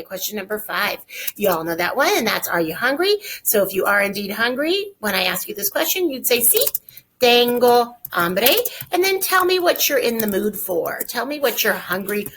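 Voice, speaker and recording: A woman teaching a Spanish lesson in a folksy, upbeat way, slowing down to drill example phrases. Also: mid-range voice, sing-song, fairly bright tone, a little hiss or hum. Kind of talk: recorded online lesson.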